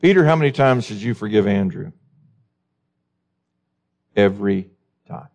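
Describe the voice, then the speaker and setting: A man preaching a sermon with passion, climbing to high, emphatic peaks when he quotes scripture and pressing his listeners with direct questions. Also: lively intonation, unhurried, a little mellow. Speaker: pastor.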